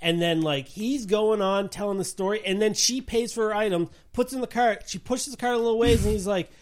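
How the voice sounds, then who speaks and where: High-voiced man telling a story, swearing freely. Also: brisk. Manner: animated storyteller, swears a lot, acts out quotes. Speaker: podcast co-host. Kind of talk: casual chat.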